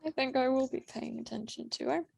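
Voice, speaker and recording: A woman's voice: fairly high pitch, brisk, gravelly, a little mellow, slightly rough, no room sound. A woman playing a tabletop game who speaks in a dry, laconic way. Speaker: player.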